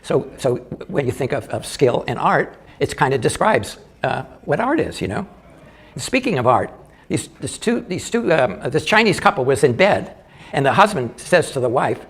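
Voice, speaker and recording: An older man doing live stand-up comedy, telling jokes in a halting way with many restarts and small chuckles. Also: mid-range voice, sing-song, husky.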